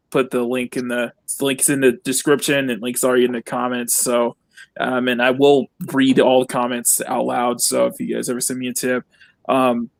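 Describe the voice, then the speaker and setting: A drawing streamer signing off a live stream in casual talk, halting with many fillers and restarts, earnest and grateful toward viewers. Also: mid-range voice, no room sound.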